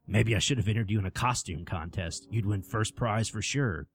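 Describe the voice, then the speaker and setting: A man's voice: on the low side, normal speed, creaky. A man voicing a good-humored father who takes his son trick-or-treating. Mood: amused. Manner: teasing, then stern.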